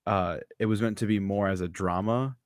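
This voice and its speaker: Low-voiced, halting man in dry sound. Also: fairly even intonation, no room sound. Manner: halting, full of "uh" and restarts. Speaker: podcast panelist. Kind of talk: casual chat.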